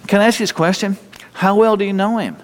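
A man's voice: high voice, fast. A middle-aged man preaching a sermon in a folksy way, asking his listeners question after question and chuckling often. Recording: long hall reverb.

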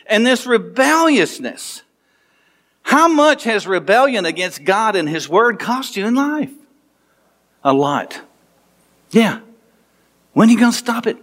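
A pastor with a high voice preaches a sermon in an animated way, laughing and tossing quick asides to the congregation.

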